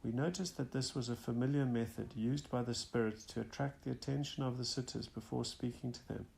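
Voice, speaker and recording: A man narrating a first-person nonfiction audiobook in a calm, measured way. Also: mid-range voice, creaky.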